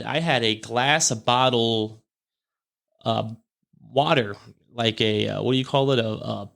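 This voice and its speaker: A man's voice: mid-range voice, a bit bright. A man hosting a podcast, telling a story in a casual, rambling way and correcting himself as he goes. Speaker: podcast host. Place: home podcast room.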